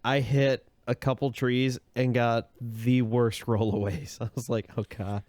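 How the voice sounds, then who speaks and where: A man co-hosting a podcast, telling an anecdote in relaxed casual chat with light laughs. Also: medium pitch, unhurried, no echo, studio quality. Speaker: podcast co-host.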